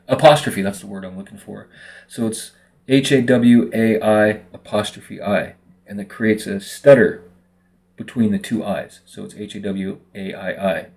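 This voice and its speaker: Easygoing rambling man, lowish voice. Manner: relaxed, rambling with many fillers. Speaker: vlogger. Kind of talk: casual monologue to camera.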